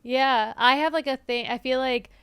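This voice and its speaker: Woman, podcast host. Very smooth, clean tone with a dry sound. Affirming, conversational. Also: high-pitched, steady tone, moderate pace, a bit bright, no room sound. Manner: attentive, affirming listener. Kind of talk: conversational interview.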